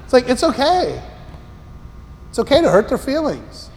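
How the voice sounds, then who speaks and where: A man preaching a sermon as a pastor, telling stories in an animated, incredulous way. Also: very high-pitched, normal speed, creaky. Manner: animated, incredulous storytelling with rising exclamations. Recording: long reverb of a large hall.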